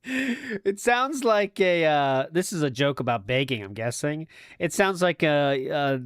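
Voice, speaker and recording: A man's voice: a little high, lively intonation, slow, a bit bright, clear, resonant tone, no echo, studio quality. A man hosting a reaction stream, commenting on clips in a sarcastic, mock-serious way. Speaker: stream host.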